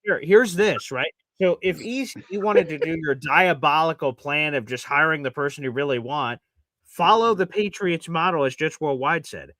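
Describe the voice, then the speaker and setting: A man hosting a live sports talk show, excitable and swearing freely. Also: on the high side, moderate pace, no room sound. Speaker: host.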